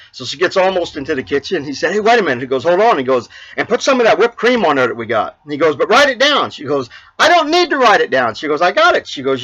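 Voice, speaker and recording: A man's voice: on the high side, fairly bright tone, muffled recording. A man hosting his own show, rambling in a casual chat with many fillers and restarts, laughing at his own jokes. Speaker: vlog host. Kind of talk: casual chat and joke telling.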